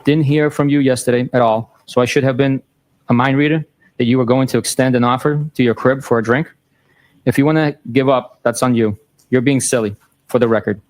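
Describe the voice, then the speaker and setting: A man reads a string of text messages aloud in a courtroom, keeping his delivery flat and matter-of-fact even through the teasing lines. His pitch sits in an ordinary middle register, and he reads each date and time plainly before the messages that follow. The voice comes through a courtroom microphone. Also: a little fast. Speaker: courtroom participant reading texts aloud.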